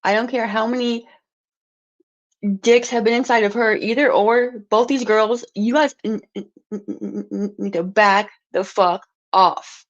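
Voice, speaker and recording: A woman's voice: fairly high pitch, steady tone, a little slow, dull audio. A woman livestreaming an angry, profane rant, stumbling and restarting words as she gets heated.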